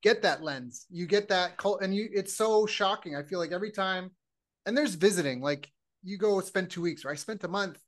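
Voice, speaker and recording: A man from Canada hosting a podcast, telling stories in a lively way and acting out the voices of people he quotes. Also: high-pitched, moderate pace. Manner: animated storyteller, acts out quoted voices. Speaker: podcast host. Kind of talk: casual chat.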